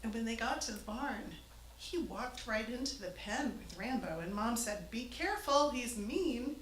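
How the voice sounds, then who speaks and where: A woman's voice: on the high side, normal speed. A woman telling a funny family story to a live audience in a church hall, chatty and amused. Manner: amused, chatty, laughs between lines. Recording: echoey hall with faint noise.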